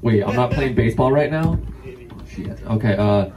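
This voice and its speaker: A man's voice: medium pitch, expressive, moderate pace. A man doing a loose stand-up set, swearing and laughing through his lines in front of a live crowd. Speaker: stand-up comedian. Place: comedy venue with live audience. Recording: distant mic with crowd noise.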